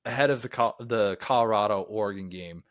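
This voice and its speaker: A man's voice: fairly low pitch, fairly quick, no echo, clean studio sound. A man in his thirties from the Chicago suburbs hosting a casual sports podcast interview in an easygoing, chummy way. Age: 30s. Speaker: podcast host.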